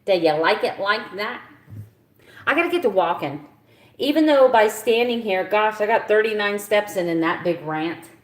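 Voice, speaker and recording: A woman's voice: medium pitch, lively intonation, moderate pace. A woman, ranting passionately and bluntly as she talks to her viewers on a casual live stream. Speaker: keto vlogger on a live stream. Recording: echoey room.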